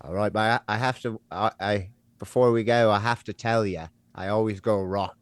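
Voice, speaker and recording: A man's voice: on the low side, fairly even intonation, normal speed, no room sound, lightly acted. A man voicing a cocky young male football fan with a brash, crude, swaggering way of talking.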